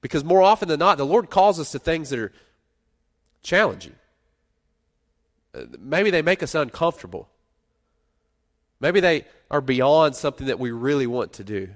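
Man preaching with loud-soft swings. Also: on the high side, big pitch swings, normal speed, pauses often. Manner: conversational preaching, swinging between loud emphasis and quiet asides. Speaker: pastor. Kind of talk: sermon.

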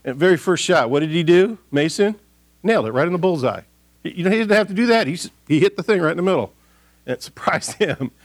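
A man's voice: on the high side, lively intonation, fast. Folksy, rambling middle-aged man preaching. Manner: folksy, rambling, frequent restarts and fillers. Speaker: pastor. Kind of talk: casual sermon with prayer. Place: church sanctuary.

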